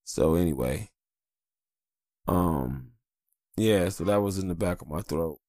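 A man's voice: sits low, slow, dark tone, no echo, studio quality. A man hosting a solo podcast, talking casually in a rambling, profane, blunt way about his family and life. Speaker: podcast host.

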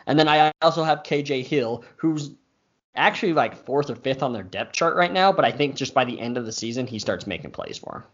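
A man at a mid-range pitch co-hosts a casual sports chat, going through his football picks in an easygoing, agreeable way. The audio sounds a little dull and lo-fi. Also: animated, fairly quick, a bit bright, husky. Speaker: podcast co-host.

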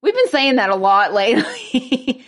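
A woman's voice: fairly high pitch, sing-song, measured pace. A woman co-hosting a podcast in casual, playful banter, often giggling. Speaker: podcast co-host. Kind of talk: casual chat.

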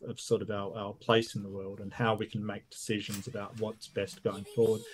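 A man making a measured, reasoned case in an online debate. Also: on the low side, a little hiss or hum. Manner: measured, reasoned argument with some restarts.

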